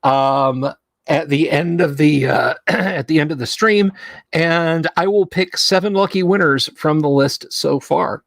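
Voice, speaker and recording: A chatty man hosting a casual livestream, his voice sitting a bit high for a man. He reads viewer names aloud and laughs easily, recorded dry and close with no room sound. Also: measured pace, vocal fry, fairly bright tone, dry recording. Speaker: livestream host.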